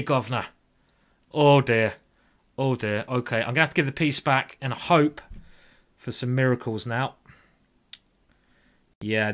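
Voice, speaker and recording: A man's voice: mid-range voice, fairly bright tone. Chatty man thinking aloud. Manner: thinks aloud, chatty and self-mocking, talks to viewers. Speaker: chess streamer. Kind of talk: live-stream commentary while playing blitz chess.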